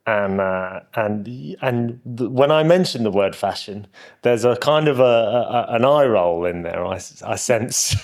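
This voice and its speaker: A man hosting a podcast who asks interview questions in a hesitant, halting way. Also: on the low side, animated, a little mellow. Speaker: podcast host.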